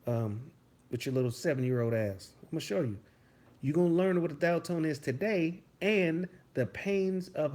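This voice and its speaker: A man in his thirties delivering a loud, profane comedic rant, mock-scolding his chat as a streamer. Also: on the high side.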